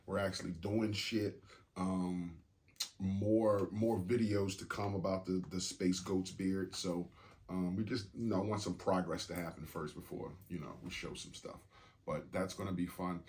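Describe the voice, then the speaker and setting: A man's voice: low-pitched, fairly even intonation, a little slow, darkish tone, a little hiss or hum. A man hosting a podcast in casual chat, laid-back and joking, swearing freely. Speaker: podcast host.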